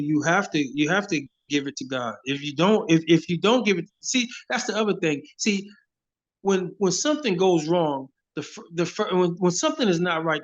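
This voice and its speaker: A hip hop artist speaking as an interview guest over a phone video call, preachy and emphatic, often repeating himself. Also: male voice, a little high. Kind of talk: casual interview. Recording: dull lo-fi phone audio.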